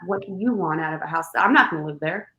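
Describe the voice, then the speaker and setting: A woman's voice: deep voice, quick pace, fairly bright tone. A woman real estate agent talking casually, explaining things and asking rhetorical questions. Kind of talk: casual conversation on a show. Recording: echoey room.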